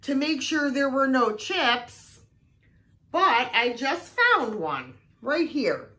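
A woman's voice: high voice, sing-song, takes it slowly, pushed and bright. An older woman chatting casually through a thrift haul video, exclaiming often as she shows off her finds.

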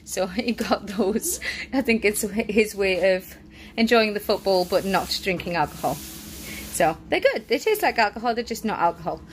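Pregnant and short of breath, a young family vlogger goes through her family's grocery haul, chatting, laughing easily and fixing her own slips along the way. Her medium-pitched voice is expressive at a moderate pace, with a faint hiss or hum.

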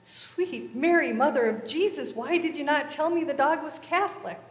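A man's voice: high voice, very animated, normal speed. A woman voicing a flustered older priest who exclaims in a told joke. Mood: outraged. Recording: echoey church hall.

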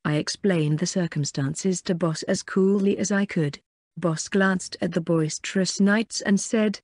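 A text-to-speech narrator reads a light novel in a steady, scripted way, pronouncing punctuation and web addresses word for word. The sound is dry and close, with no room around it. The pitch sits right in the middle. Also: normal speed, no echo. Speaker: audiobook narrator.

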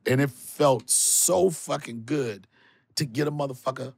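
A man hosting a podcast in a studio, talking in a casual comic way. His voice is husky, and it sounds dry and close to the mic. He swears freely and jumps his pitch way up for punchlines. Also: a little slow, no room sound. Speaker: comedian podcast host. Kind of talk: casual comedic chat.

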